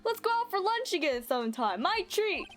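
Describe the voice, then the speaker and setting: A woman's voice: extremely high pitch, big pitch swings, moderate pace, fairly bright tone, soft background music, voice pushed up, exaggerated voice. A woman voicing a chummy, patronizing male police superior in a hearty tone.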